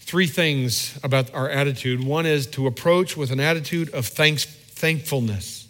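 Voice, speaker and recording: A man's voice: medium pitch, a little slow, a bit bright. A middle-aged man preaching a sermon as pastor, candid and self-deprecating, acting out little quoted scenes in a conversational way.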